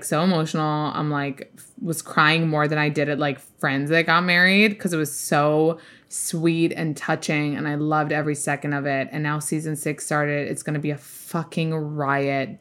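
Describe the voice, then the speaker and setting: A young woman co-hosts a podcast, rambling through a casual chat full of fillers. Her voice is low with a fairly bright tone.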